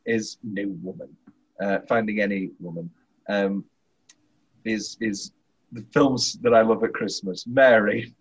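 A man's voice: lowish voice, husky. A man co-hosting a casual film podcast, rambling and interrupting himself, often laughing mid-sentence. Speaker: podcast co-host. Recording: dull lo-fi podcast audio.

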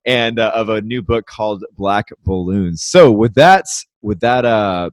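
A man's voice: on the low side, steady tone, unhurried, no echo, clean studio sound. A young man hosting a podcast, enthusiastic and upbeat, saying dude and y'all a lot. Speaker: podcast host.

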